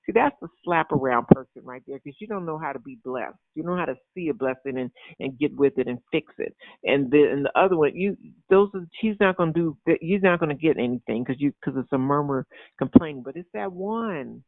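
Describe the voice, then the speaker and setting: A man preaching an informal sermon in an animated, repetitive way, often acting out excited voices. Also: fairly high pitch, a little fast, no room sound. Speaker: pastor. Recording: tinny phone-like sound.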